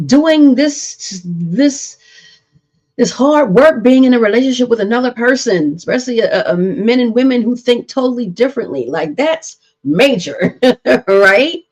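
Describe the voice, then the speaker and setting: A woman's voice: a little high, expressive, measured pace, darkish tone. A woman therapist hosting a live-streamed relationship talk, speaking earnestly and repeating points with preacher-like emphasis. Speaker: therapist and show host.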